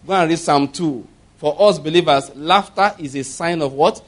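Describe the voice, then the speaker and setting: A man's voice: on the high side, moderate pace. A man preaching a sermon, telling a story with acted laughter and emphatic direct questions to the congregation.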